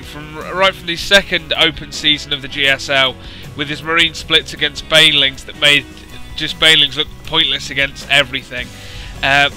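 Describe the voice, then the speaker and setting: A young man commentates a video game match in a loose, chatty way, full of asides and dry jokes at his own expense. His voice sits a little high and rings very bright, with a touch of hoarseness. Faint music plays underneath. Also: rough recording. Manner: chatty, rambling asides with dry self-mocking humour. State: slightly hoarse.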